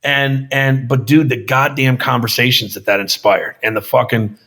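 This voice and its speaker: A film director talking casually as a podcast guest, swearing freely and acting out other people's lines with emphasis. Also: male voice, mid-range voice, fairly even intonation, normal speed, sharp tone. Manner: profane, emphatic storyteller acting out quotes. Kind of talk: casual conversation.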